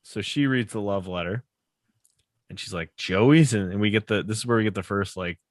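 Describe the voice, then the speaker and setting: Laid-back man recapping with quick laughs. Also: lowish voice, no room sound. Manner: laughs often, acts out characters' lines. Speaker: podcast co-host. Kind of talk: casual chat recapping a sitcom episode. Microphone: podcast microphone.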